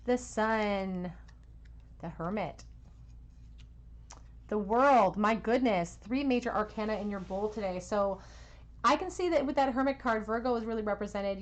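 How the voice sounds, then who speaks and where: A woman giving a pick-a-card tarot reading at home, soothing and reassuring, with soft laughs. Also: mid-range voice. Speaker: tarot reader.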